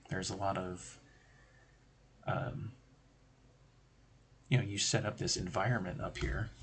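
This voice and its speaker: A man's voice: sits low, vocal fry, a little hiss or hum. A man hosting a stream, explaining tabletop game design in a rambling, conversational way with joking asides. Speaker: stream host.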